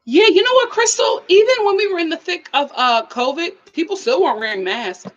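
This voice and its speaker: A woman with a high, bouncy voice that swings widely in pitch, hosting a live review stream. She chats casually and playfully with viewers and laughs often. The audio is dull and lo-fi. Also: lively intonation, fairly quick.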